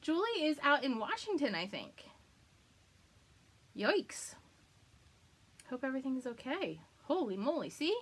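A woman's voice: sits high, very animated, unhurried, pauses often. A woman in her thirties hosting a live crafting video, chatting casually and laughing often. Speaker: crafting livestream host.

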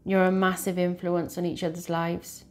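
A woman's voice: lowish voice, monotone, moderate pace, soft background music. Earnest, emotional woman reading tarot cards. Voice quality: earnest, emotional, repetitive phrasing. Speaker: tarot reader.

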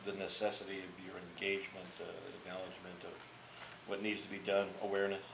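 An older man, a theater actor, telling stories in an interview in a blunt, profane, animated way. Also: sits low, quick pace. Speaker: interviewee, Mime Troupe actor. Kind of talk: casual storytelling interview. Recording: echoey room with faint background noise.

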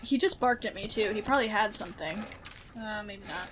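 A young woman commenting on her gameplay, chatty, easily startled and quick to swear. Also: mid-range voice, fairly bright tone, a little hiss or hum. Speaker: gaming host. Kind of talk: let's play commentary.

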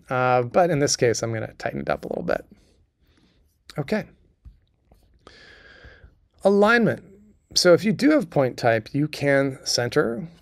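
A man walking through a design software tutorial in a conversational way, often checking in with the listener. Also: mid-range voice, gravelly, no room sound. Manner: conversational, keeps checking in with "okay?" and "right?". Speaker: design instructor.

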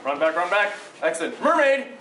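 A man explaining and leading a group game with playful, energetic commands in a large indoor hall. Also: high voice, a little fast, slight background noise. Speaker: youth game leader. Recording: echoey hall, mic at a distance.

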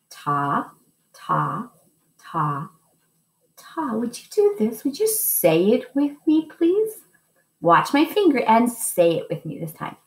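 A woman music teacher giving a lesson to young children, speaking slowly and patiently and chanting rhythm syllables. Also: on the high side, a little mellow, reverberant.

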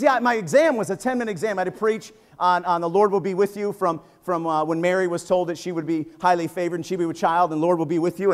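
A man in his fifties, a pastor preaching a sermon in a church, telling jokes and stories with lively, animated energy. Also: high voice. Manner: energetic, joking, animated storytelling. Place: church sanctuary.

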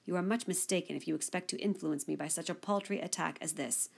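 A woman reading the lines of a spirited, sharp-witted young woman who speaks pointedly and articulately in an audiobook. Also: lowish voice, fast, creaky, slightly rough.

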